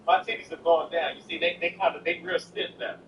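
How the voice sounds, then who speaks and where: A man chatting and joking casually while gaming, in a lively way. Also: on the high side, a little fast, dull audio, a little hiss or hum. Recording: roomy, distant, with game music.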